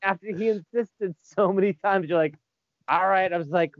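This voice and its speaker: A man swapping old bar stories in casual chat, cursing freely and breaking into laughter as he goes. His voice sits a little high for a man. The audio is dull and dry, like a remote call. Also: moderate pace, dry recording. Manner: profane, laughing storyteller. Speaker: former bar back.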